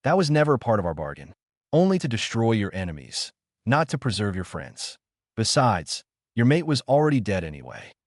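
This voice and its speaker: A man's voice: fairly low pitch, big pitch swings, a little fast, no room sound, clean studio sound. A man voicing a cruel male fox demon that mocks and gloats, taunting in a raised voice. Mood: mocking.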